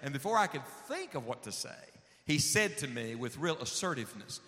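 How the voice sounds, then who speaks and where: A man's voice: medium pitch, sing-song, a little fast, hardly any pauses, sharp tone. A man preaching a sermon, telling a personal story in a folksy way and acting out the dialogue. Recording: long hall reverb.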